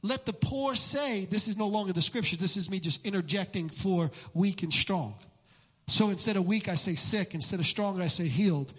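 A middle-aged man preaching a sermon as pastor, fervent and repetitive, building up to shouts. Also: high voice, a little fast, breathy edge. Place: church sanctuary. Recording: long hall reverb in a church.

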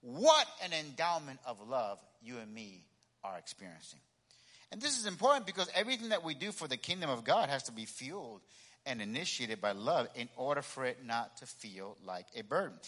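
A man's voice: mid-range voice, expressive, brisk, a bit bright, big-room sound. A man preaching a sermon to a congregation, emphatic and repetitive, calling for responses from the crowd. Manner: emphatic, repeats key phrases, calls for congregation responses. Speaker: pastor. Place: church sanctuary.

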